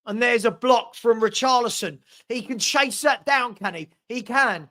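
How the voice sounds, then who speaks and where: Excitable football fan commentating. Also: male voice, extremely high pitch, a little slow. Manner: excitable, partisan, shouting at big moments. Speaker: fan watch-along commentator. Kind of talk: live match watch-along commentary. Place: home room with a dog.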